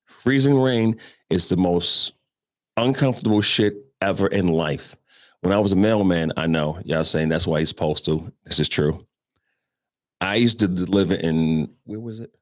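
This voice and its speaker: Speaking in a low voice at a moderate pace, a middle-aged Brooklyn man with a New York accent hosts a morning show, telling rambling, profane personal stories with asides to listeners in a casual storytelling chat. The sound is dry and clean, like a studio.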